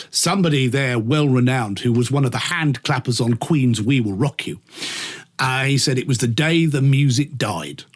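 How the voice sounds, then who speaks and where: A man who works as a radio presenter, telling stories as a guest in a casual chat, animated, laughing often and swearing freely. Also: a little high.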